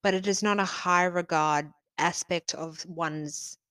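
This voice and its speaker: A woman's voice: on the low side, steady tone, unhurried, fairly bright tone, no echo. A woman co-hosting a podcast, from South Africa, talking through her thoughts in a casual, reflective way with fillers. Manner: reflective, talks in long run-on thoughts with fillers. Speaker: podcast co-host.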